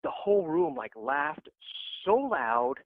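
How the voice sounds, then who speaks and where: A man guest on a podcast, telling an anecdote in a casual, animated way, laughing often and using many fillers. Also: very high-pitched, slow pace, gravelly. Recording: dry phone-like podcast audio.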